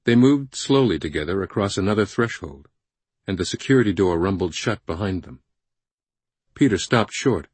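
A man narrating a thriller audiobook in a measured, suspenseful way on a close studio microphone. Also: low-pitched, animated, husky, dry recording.

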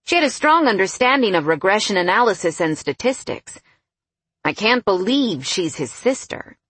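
A woman's voice: medium pitch, very animated, normal speed, fairly bright tone, slightly rough, no echo. A sulky, guarded young man with a bitter, grudging edge to every line, as a woman reads him. He sounds close and dry, with no room around him. It comes across as a plain audiobook performance.

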